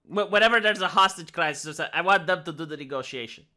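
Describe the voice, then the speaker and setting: Brief: mocking comedy commentator, man with a Romanian accent, high-pitched. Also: fast, sharp tone. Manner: mocking, sarcastic. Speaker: commentary host.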